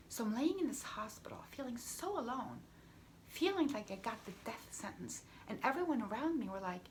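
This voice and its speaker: A woman's voice: on the high side, lively intonation, moderate pace. A woman speaks in a slightly raised voice as a health coach telling her own story to the camera. She is emphatic, circles back on her phrases, and sometimes drops to a near whisper. A little background noise sits under her voice. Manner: emphatic, repeating phrases, dropping to a hush for effect.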